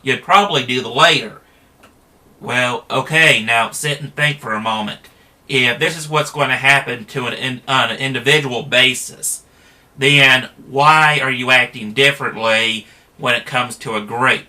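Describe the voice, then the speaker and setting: A man's voice: medium pitch, a little slow, bright, forceful tone. A man talking in a casual, rambling monologue, plain-spoken, with frequent fillers and restarts.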